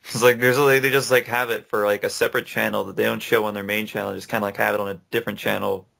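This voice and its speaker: A man's voice: lowish voice, level tone, quick pace, creaky, fairly bright tone. A young man co-hosting a casual gaming podcast, rambling and laughing often. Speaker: podcast co-host. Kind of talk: casual chat.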